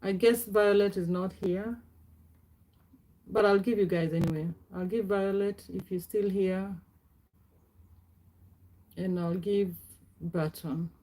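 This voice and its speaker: Middle-aged woman doing a casual live stream, mid-pitched voice, loose and chatty, laughs a lot, keeps clearing her throat. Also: fairly even intonation, slow pace, long pauses, dark tone. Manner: chatty, greets viewers by name, frequent laughs and throat clearing.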